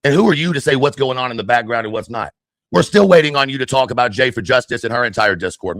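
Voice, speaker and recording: A man's voice: medium pitch, expressive, fast talker, fairly bright tone, no echo, clean studio sound. An angry man ranting on his livestream, heated, profane and confrontational.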